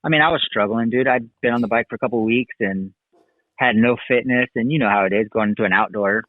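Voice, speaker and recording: A man's voice: medium pitch, quick pace, no echo. Laid-back man on a tinny call line. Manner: relaxed, rambling, says "dude" and "like". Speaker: guest, former pro motocross racer. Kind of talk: casual storytelling interview. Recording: tinny phone-like line, dry.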